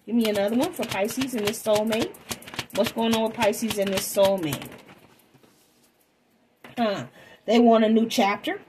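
A woman's voice: fairly high pitch, a little slow, long pauses, noisy background. A woman reading tarot in a casual vlog, talking chattily to her viewers and calling them babies. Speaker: tarot reader.

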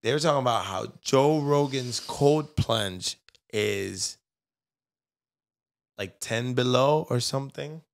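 A man co-hosting a podcast, chatting casually and joking with animated delivery. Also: medium pitch, takes it slowly, creaky, long pauses. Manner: joking, animated, slips into mock voices. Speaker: podcast co-host. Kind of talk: casual chat.

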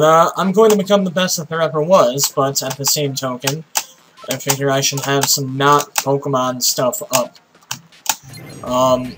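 A tired young man giving casual, profane commentary while playing a game, with sudden excited outbursts. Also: medium pitch, rough recording. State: tired, sleepy voice. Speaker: let's play host.

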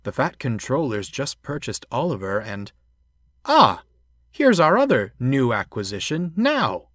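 A man's voice: mid-range voice, sing-song, unhurried, fairly bright tone, no echo, pitched above the performer's own voice. A man doing a chatty, friendly engine.

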